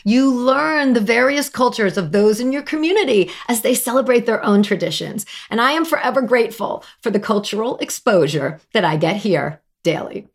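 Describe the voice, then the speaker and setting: Raspy-voiced New Jersey woman podcast host. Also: fairly high pitch. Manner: lively, emphatic, with many fillers. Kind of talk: scripted podcast talk.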